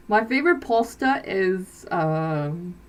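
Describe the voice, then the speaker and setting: A woman musician chatting casually on a livestream, hesitant and rambling, with many fillers and frequent giggles. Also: mid-range voice. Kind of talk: casual live-stream chat.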